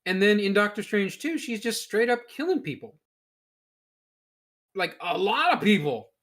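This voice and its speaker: A man's voice: sits high, very animated, moderate pace, a bit bright. A man co-hosting a podcast in casual chat, explaining at length in a blunt way and swearing freely. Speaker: podcast co-host.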